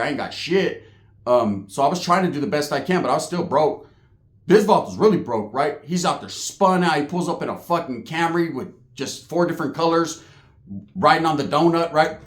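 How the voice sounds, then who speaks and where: Streetwise storytelling man in an echoey room. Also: on the high side. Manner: streetwise, profane, animated storytelling. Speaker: channel host telling a story. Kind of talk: casual storytelling monologue.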